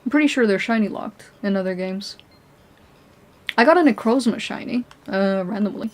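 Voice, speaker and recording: This young Portuguese streamer has a medium-pitched, slightly mellow voice and talks at an ordinary speed. While gaming live, she chats loosely with her audience, replying to messages, laughing often, and trailing off mid-thought.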